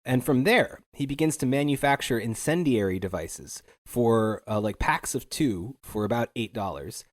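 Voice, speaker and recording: A man's voice: medium pitch, expressive, normal speed, hardly any pauses. A young man hosting a podcast, narrating history in a loose, wry way with plenty of fillers and small laughs. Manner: casual and wry, with many fillers and chuckles. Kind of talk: casual chat.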